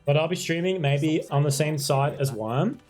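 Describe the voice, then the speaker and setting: With soft music in the background, a young man with a voice on the high side streams gameplay live at normal speed. He chats to viewers, yelping excitably and apologizing as he goes.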